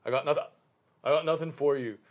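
A man doing a gruff backwoods hermit with a country drawl, pushed up high and loud. The words come slow and stretched, full of stubborn swagger. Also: close to an everyday voice. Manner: loud, high, drawn-out put-on voice.

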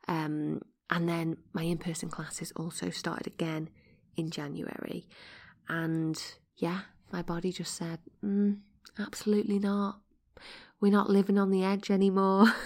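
A woman who hosts a podcast and teaches meditation, talking in a chatty, upbeat way with soft, breathy asides. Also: lowish voice. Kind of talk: casual chat.

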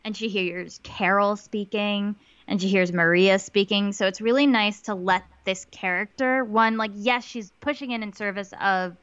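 A woman's voice: mid-range voice, fairly even intonation, normal speed, hardly any pauses, a bit bright, clean tone, no echo. Woman, casual podcast recap, chatty, filler-heavy, dry slightly dull recording. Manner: chatty, many "like" fillers, quotes lines in little voices. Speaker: podcast co-host.

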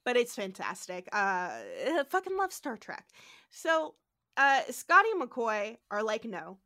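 A woman hosting a podcast in casual chat, animated as she recaps a TV episode and acts out lines. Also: fairly high pitch, a little slow, dry recording, clean studio sound. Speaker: podcast host.

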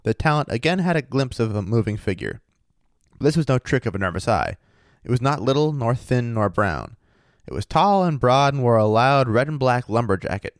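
A man reading a story aloud at a steady pace, stopping to chat about it. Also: medium pitch, normal speed, no room sound, clean studio sound. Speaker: story reader and host.

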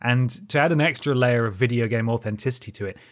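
A man co-hosting a gaming podcast, telling an anecdote in an animated, casual way with lots of "like" fillers. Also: medium pitch, quick pace. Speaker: podcast co-host. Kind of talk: casual chat.

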